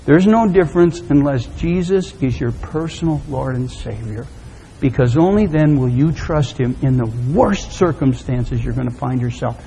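A man preaching a sermon, telling a story dramatically and swinging from loud to hushed. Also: medium pitch, normal speed, a little hiss or hum. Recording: long hall reverb.

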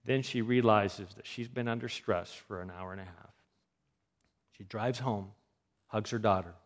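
A man's voice: lowish voice, measured pace, long pauses. A man giving a health talk, telling a story about a mother and acting out what people said. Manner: animated storyteller acting out quoted voices.

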